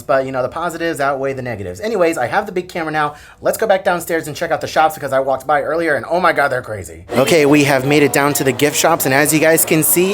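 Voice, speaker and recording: A man vlogging casually to camera aboard a cruise ship, chatty and upbeat, talking straight to his viewers. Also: a little high. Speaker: cruise vlogger, channel host. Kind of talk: casual vlog narration to camera. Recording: busy ship venues with music and crowd chatter behind.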